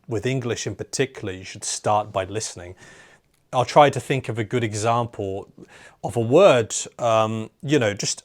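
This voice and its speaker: A man hosting an interview in a chatty, casual way, full of "like" and "you know". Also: medium pitch. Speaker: interview host. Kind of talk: conversational interview.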